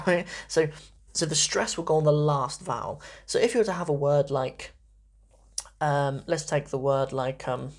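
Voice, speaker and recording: A relaxed language teacher talks through grammar in a loose, conversational way, checking in with "right?" again and again. The voice has a gravelly edge and a husky grain. The pitch sits in the middle. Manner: chatty, many fillers and "right?" tags. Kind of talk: casual spoken grammar lesson.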